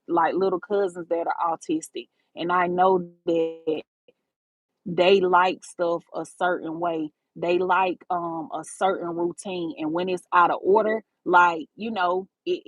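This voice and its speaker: A woman's voice: on the low side, no echo, rough recording. A woman, talking straight to her viewers in a casual livestream, calling them baby and y'all. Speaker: livestream host.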